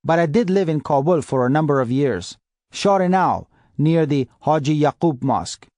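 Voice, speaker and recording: A man's voice: fairly high pitch, expressive, normal speed, darkish tone, dry recording, lightly acted. A man voicing a chubby, affable middle-aged male lawyer in an audiobook, chatty and full of apologies, a little wheezy. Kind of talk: audiobook character voice.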